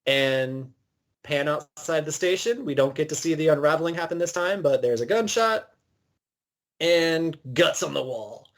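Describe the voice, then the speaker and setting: A man co-hosting a podcast, recapping an episode in an animated, storytelling way and acting out bits of dialogue. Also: a little high, unhurried. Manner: animated storyteller, acts out quotes. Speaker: podcast co-host.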